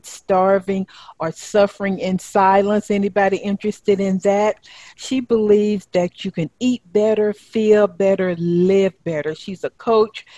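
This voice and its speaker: A woman's voice: medium pitch, a little mellow, no room sound. A woman with a Southern American accent hosting a radio interview show, speaking with upbeat enthusiasm.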